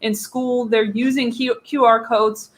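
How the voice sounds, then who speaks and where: A woman's voice: fairly high pitch, steady tone, unhurried. Give me a woman journalist talking casually on an online panel, chatty and informal. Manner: chatty, laughs between points. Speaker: guest journalist.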